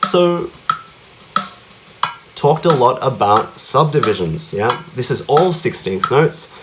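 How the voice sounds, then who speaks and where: Against a noisy background, a man with a medium-pitched, expressive voice takes his time teaching cajon rhythms casually. Chatty throughout, he counts out the beats, voices the drum sounds, and often checks in with "yeah?" or "right?".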